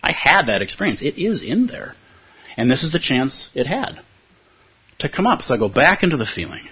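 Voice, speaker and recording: A man with a husky voice giving a reflective teaching talk, telling a personal story and often checking in with his listeners. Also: medium pitch, big pitch swings, normal speed. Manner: thoughtful, often checks in with "right?". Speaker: meditation teacher. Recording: dull lo-fi recording.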